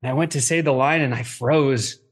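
A middle-aged man, a podcast guest, telling stories in a casual, animated way and acting out the quotes. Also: mid-range voice, normal speed, slightly rough. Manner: animated, acts out quotes with swearing. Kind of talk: casual storytelling.

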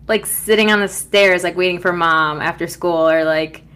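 Lower-voiced woman hosting a podcast. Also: steady tone, normal speed. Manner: warm reminiscing, prompts with questions. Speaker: podcast host. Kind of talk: podcast intro and interview chat.

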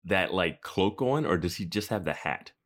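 A man's voice: low-pitched, animated, moderate pace, fairly bright tone. A man co-hosting a podcast, chiming in with wry, joking commentary. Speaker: podcast co-host. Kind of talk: casual chat.

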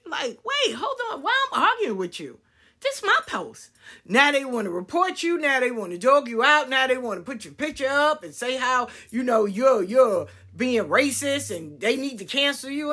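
A woman's voice: high voice, moderate pace, slightly rough. A woman speaking her mind in a casual monologue, blunt and profane, acting out other people's lines as she goes. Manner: blunt, profane, animated storytelling with acted-out quotes.

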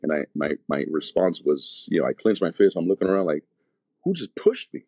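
A man's voice: rumbling low, fast talker, darkish tone, no room sound. A man, an evangelist, telling his conversion testimony in casual, slangy talk full of fillers and restarts.

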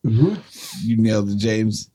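A man's voice: lowish voice, lively intonation, measured pace, mellow, slightly rough. A man co-hosting a podcast in casual chat, a bit drunk, swearing and laughing through loose banter. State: tipsy from drinking. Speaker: podcast co-host.

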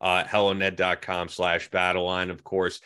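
A man's voice: low voice, monotone, normal speed, bright, forceful tone, clear, resonant tone. A man hosting a podcast in casual chat, upbeat and promotional. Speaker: podcast host.

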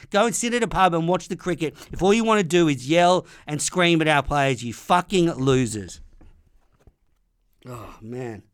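A young Australian man rants with open fury, swearing hard and hammering his points. His voice sits fairly high and sounds smooth and clear. The recording is close and dry, with no room around it. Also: dry recording. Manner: furious, sweary, ranting. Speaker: podcast host. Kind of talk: angry sports rant.

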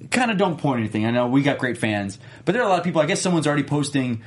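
A man co-hosting a podcast who talks fast and with a lively, swinging pitch. His casual chat is animated, and he often restarts mid-sentence. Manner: animated, rapid, stumbles into restarts. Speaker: podcast co-host.

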